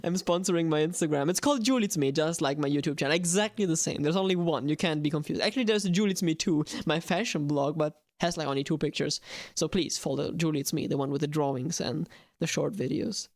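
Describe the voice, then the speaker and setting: A woman, a game streamer chatting playfully with viewers and repeating herself in excitement. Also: low voice, quick pace, no room sound, clean studio sound. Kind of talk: live-stream chat answering viewers.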